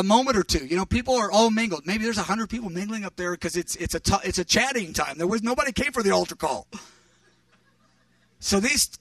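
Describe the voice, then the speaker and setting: A man's voice: high-pitched, pushed and bright, dry recording, distant mic. A middle-aged man preaching, earnestly telling a story from his ministry and quoting what others said. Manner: earnest, recounting events with quoted dialogue. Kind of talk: sermon testimony storytelling.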